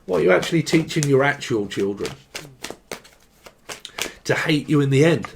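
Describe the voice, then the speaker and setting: A man's voice: a little high, lively intonation, moderate pace, creaky, noisy background. A man giving a casual tarot reading, joking and swearing, and breaking into song now and then. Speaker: tarot reader.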